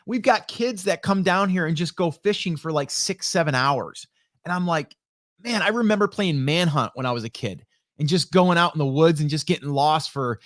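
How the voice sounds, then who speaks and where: A middle-aged man chats casually on a live stream, trailing off into fillers and restarting his sentences. His voice sits a little high for a man. He speaks into a close studio microphone with no room sound at all. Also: no room sound. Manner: rambling, many fillers and restarts; reads viewer comments aloud. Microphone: studio dynamic microphone.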